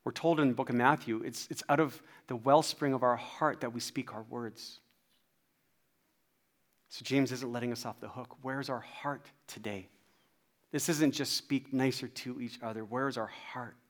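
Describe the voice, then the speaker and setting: A man preaching a sermon, telling a personal story in an animated, self-deprecating way. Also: mid-range voice, moderate pace. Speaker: pastor.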